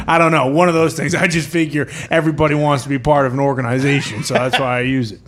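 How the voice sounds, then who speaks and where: A man's voice: medium pitch, little pitch movement, fast talker, fairly bright tone. A man chatting as a co-host, hesitant and laid back. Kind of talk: casual chat.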